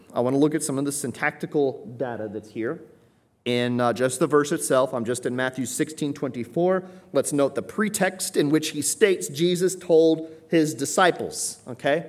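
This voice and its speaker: A man preaching a sermon, explaining scripture in a teaching manner with frequent rhetorical "right?" asides. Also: mid-range voice. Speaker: pastor.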